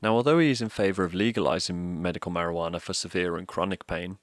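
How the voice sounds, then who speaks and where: Deep, dry-sounding man, sweary deadpan comic ranter. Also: no echo. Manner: sardonic, sweary, deadpan mockery. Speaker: comedic ranter. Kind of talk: scripted comedic political rant.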